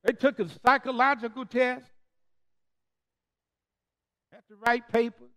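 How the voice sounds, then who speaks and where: A very high-pitched preacher leading a call-and-response sermon. He speaks slowly, drawing out the key words and leaving gaps for the congregation to answer. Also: steady tone, pushed and bright. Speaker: Methodist preacher.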